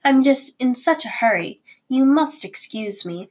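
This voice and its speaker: A woman's voice: high voice, lively intonation, measured pace, pitched above the performer's own voice. Brief: woman reading a curt, distant older girl in a chapter book. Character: aloof older girl with a deep clear voice.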